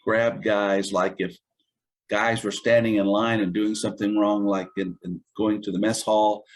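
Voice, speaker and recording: Speaking at normal speed in a fairly low, flat voice, a man in his seventies shares old stories as an Army veteran in an interview. His casual storytelling is wry, and he chuckles along the way.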